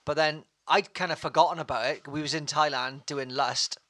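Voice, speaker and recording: A man telling crude stories in casual chat, swearing freely and animated. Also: fairly high pitch, normal speed. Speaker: guest storyteller.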